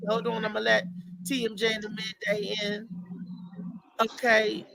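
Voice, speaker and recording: Chatty woman show host, gravelly and bright. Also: fairly high pitch, completely flat delivery, a little slow, low-quality recording. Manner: chatty, loose, talks straight to viewers. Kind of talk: casual live show chat.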